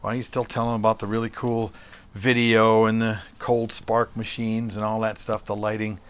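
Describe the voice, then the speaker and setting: A man's voice: lowish voice, completely flat delivery, normal speed, a bit bright, clean tone. A middle-aged man hosting a solo podcast, talking conversationally and telling a story with rhetorical questions. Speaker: podcast host.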